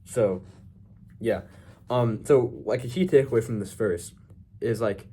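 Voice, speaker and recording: A young man teaching a Bible verse in a casual devotional video, relaxed and informal with lots of filler words. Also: mid-range voice, unhurried, pauses often, breathy edge.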